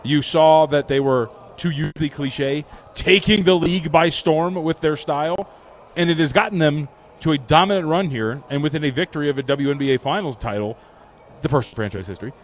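A man co-hosting sports radio from a sportsbook, steady and analytical as he breaks down a coach's impact. He drops in dry one-liners between the longer points. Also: a little high. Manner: dry quips, then measured analysis. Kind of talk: casual sports radio chat. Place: sportsbook broadcast booth.

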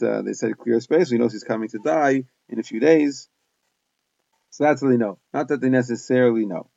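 A man teaches a Talmud lesson with a gravelly voice, reading short Aramaic phrases and then explaining them in English. The sound is dull and dry, recorded close with no room. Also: medium pitch, a little mellow, dry recording.

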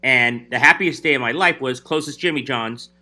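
A man, a hockey reporter, telling an animated story in casual chat. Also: mid-range voice, normal speed.

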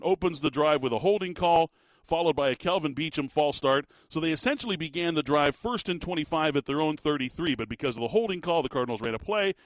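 Male sports talk host, a bit high-pitched, exasperated and emphatic rant delivery, dry close-mic read. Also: dry recording. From Arizona. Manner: exasperated, emphatic, repeats words. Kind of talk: animated sports commentary rant.

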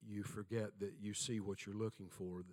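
A man's voice: on the low side, little pitch movement, normal speed, darkish tone. An older man preaching a sermon, telling folksy stories with self-deprecating humor and acting out the voices in them.

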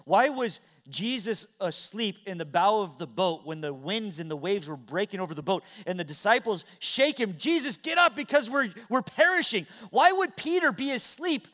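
High-voiced preaching man. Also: animated, normal speed, few pauses. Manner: earnest preaching, swings from hushed to loud. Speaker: pastor. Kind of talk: sermon. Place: church sanctuary.

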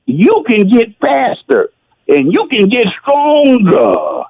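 A man's voice: very high-pitched, wildly swooping pitch, takes it slowly, breathy edge, dry recording, phone-quality sound. A man who played football, calling in to a radio show, tearful and exclamatory as he tells his story. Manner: emotional, tearful, exclamatory with "geez". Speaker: former football player, guest. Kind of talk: emotional radio interview storytelling.

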